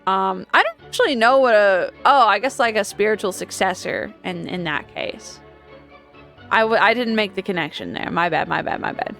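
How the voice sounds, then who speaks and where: A woman's voice: mid-range voice, expressive, normal speed, gravelly, fairly bright tone, soft background music. A woman streamer chatting casually and rambling, often laughing between thoughts.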